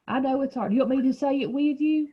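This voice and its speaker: A woman who teaches a children's reading group. She prompts and encourages the children patiently. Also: high voice. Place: classroom. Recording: dull lo-fi classroom recording.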